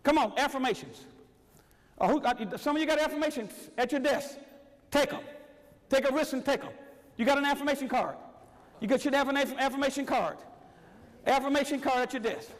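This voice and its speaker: In a large meeting room with the audience at tables, a man with a very high-pitched voice gives a motivational workshop talk, speaking a little fast with long pauses in the big hall. He exhorts the crowd, repeating calls for energy and urging them on.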